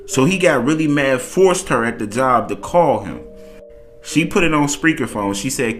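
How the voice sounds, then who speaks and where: A man's voice: mid-range voice, expressive, normal speed, fairly bright tone, soft background music. Man telling a dramatic gossip story. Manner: dramatic retelling, acting out quoted lines. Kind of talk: casual spoken storytelling.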